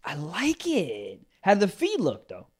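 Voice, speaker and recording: Lively young man, podcast chat. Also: slow pace, breathy edge. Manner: animated, swoops high when quoting people. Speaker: podcast host. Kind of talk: casual chat.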